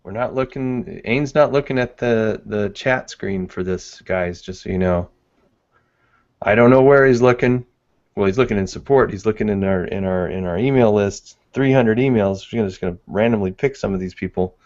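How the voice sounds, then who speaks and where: A man's voice: fairly low pitch, normal speed, a little mellow, muffled recording. A man co-hosting a live webinar in casual chat, laughing often and reading the chat aloud. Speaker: webinar co-host.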